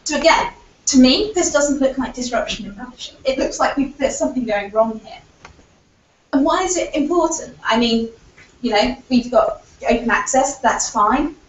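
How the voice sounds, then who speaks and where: A woman's voice: sits high, expressive, normal speed. A woman giving an earnest conference presentation, arguing her points with frequent fillers, her voice still recovering. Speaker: conference speaker. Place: lecture hall. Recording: echoey hall, distant, dull lo-fi audio.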